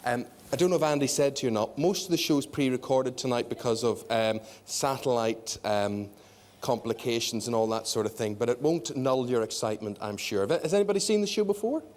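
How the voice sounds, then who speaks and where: Dry, teasing Northern Irish host. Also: male voice, mid-range voice, brisk, darkish tone. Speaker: game show host. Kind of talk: casual address to studio audience. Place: TV studio with audience. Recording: studio with crowd and noise. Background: audience.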